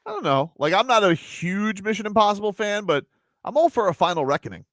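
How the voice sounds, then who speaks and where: A man's voice: sits high, animated, brisk, fairly bright tone, dry recording, studio quality. A man hosting a radio show in casual chat, easygoing and wry, reading items aloud. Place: radio studio.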